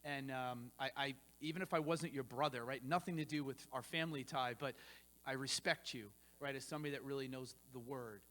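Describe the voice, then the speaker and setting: A man preaching to a congregation as a pastor hosting a church panel, energetic and rambling, with restarts and asides, in a church sanctuary. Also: medium pitch, brisk, long reverb tail. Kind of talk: informal sermon-style talk to a congregation.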